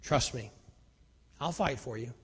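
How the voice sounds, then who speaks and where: A preacher voicing God, low and hushed. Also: male voice, fairly even intonation, slow pace, big-room sound. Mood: calm reassuring. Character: God speaking calmly to his people.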